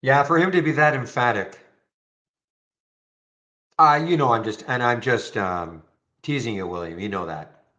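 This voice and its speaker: A man's voice: mid-range voice, moderate pace, long pauses, bright, forceful tone. A man hosting a live day-trading room, chatting casually and thinking aloud, often restarting his sentences. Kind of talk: casual live-stream commentary. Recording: slightly dull lo-fi sound.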